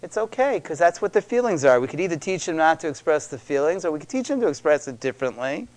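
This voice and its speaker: A man's voice: fairly high pitch, very animated, fast talker, a little mellow. A middle-aged man speaking to a live audience about parenting, conversational and emphatic, repeating key words for stress.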